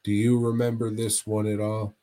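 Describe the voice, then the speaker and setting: A man's voice: on the low side, level tone, normal speed, dark tone. A man co-hosting a casual podcast, rambling with heavy swearing and frequent laughs. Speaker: podcast co-host.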